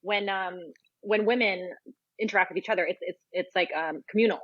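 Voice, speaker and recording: A woman's voice: medium pitch, brisk, no echo. A woman guest on a podcast, explaining her views confidently in a casual chat, with plenty of fillers and restarts. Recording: dull lo-fi sound, dry.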